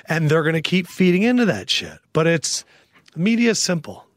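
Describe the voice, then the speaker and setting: Man, podcast host, casual sports chat, opinionated, slightly high voice. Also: sing-song, no echo, clean studio sound. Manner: opinionated, quick to riff.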